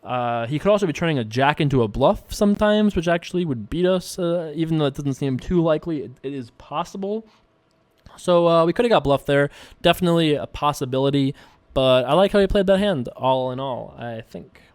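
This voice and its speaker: Young guy chatting through his poker hands, smooth clear voice, bit on the high side, dry close mic. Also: animated, fairly quick, no room sound. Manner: chatty, thinks out loud, playful asides. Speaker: poker streamer and show host. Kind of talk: casual commentary while playing online poker.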